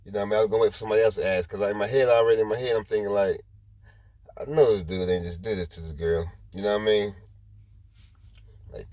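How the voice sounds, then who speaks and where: A man's voice: fairly low pitch, steady tone, quick pace, dark tone, no echo. A man rambling through a personal story to his viewers in casual talk, repeating himself as he goes. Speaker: vlogger.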